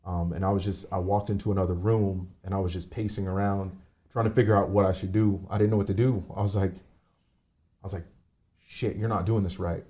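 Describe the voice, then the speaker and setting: A man in his forties, low in pitch and dark in tone, talks through a painful personal story as a podcast guest. He is candid and loose, rambling and swearing casually as he goes. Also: flat delivery, brisk. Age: 40s.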